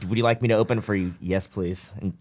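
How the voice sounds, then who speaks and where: A man in casual podcast chat, excitable, stumbling over his words as he tells a story. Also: fairly low pitch, fast, noisy background. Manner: excitable, stammers and restarts. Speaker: podcast guest.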